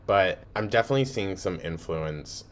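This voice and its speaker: A man's voice: low-pitched, animated, moderate pace. A man hosting a reaction video, talking casually, swearing and laughing often as he comments.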